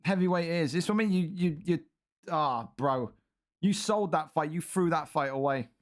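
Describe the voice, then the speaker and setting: A young man commentates online game fights in a fairly high voice. He talks bluntly and swears freely, ranting in exasperation at the fighters' decisions. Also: normal speed. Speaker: commentator and league host. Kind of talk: excitable esports fight commentary.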